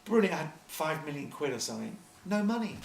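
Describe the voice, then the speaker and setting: A man's voice: fairly high pitch, big pitch swings, fast talker, creaky. A man, a film producer, telling rambling, self-deprecating stories with lots of restarts in an interview before an audience. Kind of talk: storytelling interview answers. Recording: echoey hall, distant mic, faint noise.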